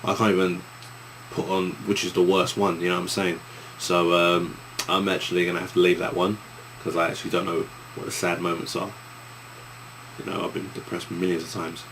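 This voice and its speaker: A man's voice: low voice, flat delivery, fairly quick, slight background noise. A young man with an East London accent, answering viewer questions in a casual vlog, rambling with many restarts.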